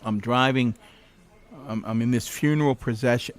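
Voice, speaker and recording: A middle-aged man as a podcast guest, telling animated anecdotes with frequent laughs in a cafe interview. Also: mid-range voice, moderate pace. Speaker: podcast guest, former county executive. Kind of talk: casual interview storytelling.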